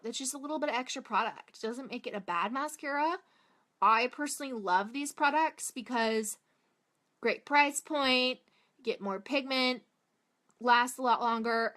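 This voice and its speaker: A woman's voice: a little high, pushed and bright. A young woman from Massachusetts with a Boston-area accent, chatting casually through a makeup tutorial and rambling off on tangents with lots of "like". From Massachusetts, USA. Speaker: beauty vlogger.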